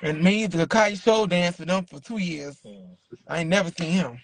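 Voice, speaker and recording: Male co-host, gossiping in casual chat, high pitch with gravel. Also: moderate pace, no room sound. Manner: gossipy storyteller, quotes others.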